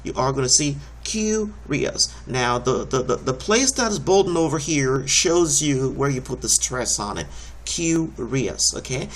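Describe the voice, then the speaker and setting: A man's voice: medium pitch, lively intonation, unhurried, few pauses. A man teaching a recorded homeschool lesson, explaining each step patiently and encouragingly.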